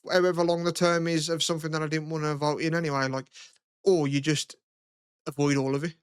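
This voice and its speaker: Young male co-host, casual and sweary, higher-pitched, dry close mic. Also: fairly quick, clear, resonant tone, no room sound. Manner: rambling, swears a lot, animated retelling. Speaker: podcast co-host. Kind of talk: casual chat.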